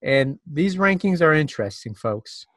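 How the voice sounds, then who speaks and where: A man's voice: a little high, expressive, normal speed, fairly bright tone, no room sound, studio quality. A man co-hosting a podcast, laid-back and reading out a ranking list in casual chat. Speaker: podcast co-host.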